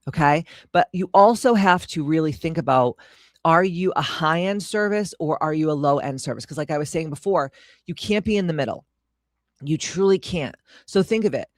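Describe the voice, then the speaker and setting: A woman's voice: deep voice, lively intonation, normal speed, no echo, clean studio sound. A woman business coach giving a solo podcast monologue, blunt and emphatic, swearing freely and stacking points in lists.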